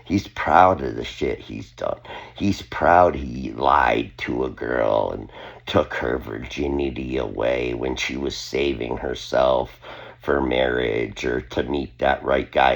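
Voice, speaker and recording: Very deep-voiced male host with a gravelly edge; brief: indignant opinion commentator. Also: slow pace.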